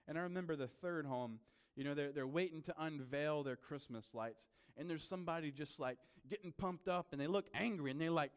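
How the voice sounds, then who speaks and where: A man, a pastor, giving a conversational sermon with lively storytelling and frequent asides to the congregation. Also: a little high, brisk, smooth.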